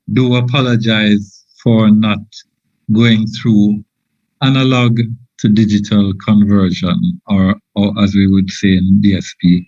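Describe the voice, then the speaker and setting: A man giving an informal engineering lecture, halting often with fillers and restarts. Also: on the low side, a little mellow, dry recording. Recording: dull lo-fi dry audio.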